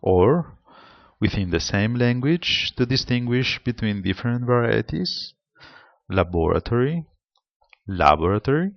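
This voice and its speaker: Slow, measured Spanish-accented male lecturer. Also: mid-range voice, lively intonation, creaky, no room sound. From Spain. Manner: slow, deliberate, explanatory delivery. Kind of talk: seminar lecture on pronunciation. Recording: slightly dull lo-fi sound.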